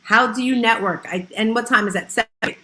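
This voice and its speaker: A woman's voice: fairly high pitch, fairly quick, sharp tone, roomy sound. A woman hosting a casual online audio room, upbeat and chatty, laughing often. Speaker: host.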